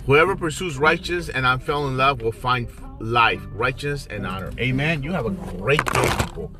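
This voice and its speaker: A man's voice: medium pitch, expressive, moderate pace, bright, forceful tone. Exhorting male pastor, music behind. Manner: exhorting, repetitive, direct address. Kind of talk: morning devotional message.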